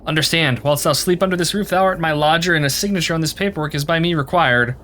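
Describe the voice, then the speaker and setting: A man's voice: a little high, fast talker, a bit bright, slight background noise, natural voice. Man putting on a pompous old-timey landlord. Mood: stiff, formal. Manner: old-fashioned thee-and-thou speech. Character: archaic formal landlord, stiff and pompous.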